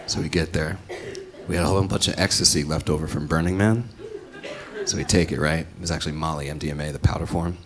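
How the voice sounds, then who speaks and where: A man's voice: very deep voice, fairly even intonation, quick pace, a crowd in the background. A man doing stand-up, telling a story in a profane, exasperated way. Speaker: stand-up comedian.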